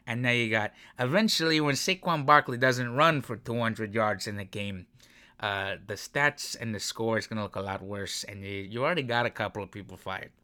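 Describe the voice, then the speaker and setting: New guy ranting about football, cusses a lot, kinda low voice, sarcastic. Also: moderate pace, sharp tone. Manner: emotional, swearing, sarcastic. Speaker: sports commentator. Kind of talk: profane sports rant.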